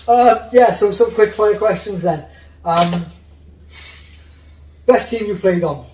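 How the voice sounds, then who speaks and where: A man with a Bristol accent hosts a relaxed chat, teasing his guest in a playful way. His voice sits somewhat high. He sounds distant, in an echoey room. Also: slow pace, long pauses, a little hiss or hum. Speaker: host. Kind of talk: casual interview chat. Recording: roomy, distant mic.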